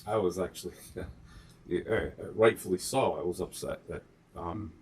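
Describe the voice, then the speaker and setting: A middle-aged man, a guest on a podcast, talking in a measured, hesitant way with frequent "uh" and "um". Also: deep voice, slightly rough. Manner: measured, hesitant, many uhs and ums. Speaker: guest, host's partner. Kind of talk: casual conversation.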